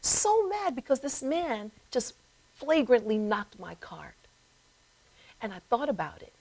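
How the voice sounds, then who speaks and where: A middle-aged woman host relates a personal story in an animated way. Her voice sits fairly high and moves over a wide range of pitch, acting out the voices as she goes. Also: a little slow, rough recording. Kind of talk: storytelling talk. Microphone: live stream.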